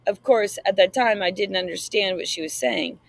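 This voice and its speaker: A woman narrates an audiobook in the first person, reading in a measured and reflective way. Her voice has a noticeable gravelly fry. The sound is dry and close to the mic. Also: medium pitch, animated, no room sound, low-quality recording.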